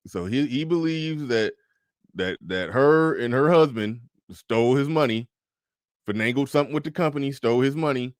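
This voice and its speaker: A man's voice: mid-range voice, moderate pace, no room sound, studio quality. A man hosting a reaction commentary, casual and profane, speaking. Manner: casual, profane, reads posts aloud in changing voices. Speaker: commentary host.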